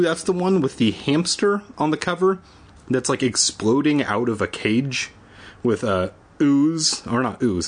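Husky, animated man with jokey, profane asides. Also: medium pitch. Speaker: podcast host reading books aloud. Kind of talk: casual read-aloud podcast.

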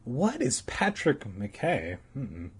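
A man voicing a hot-tempered, bratty schoolboy in a husky, high-pushed voice as he reads a story aloud. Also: huge pitch swings, slow pace, exaggerated voice. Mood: indignant. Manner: whiny, shrill when upset.

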